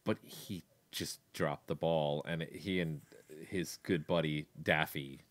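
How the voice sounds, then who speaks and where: A man's voice: very deep voice, fairly even intonation, measured pace, no echo. A man co-hosting a casual book discussion podcast, blunt and sarcastic in a laid-back way. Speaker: podcast co-host.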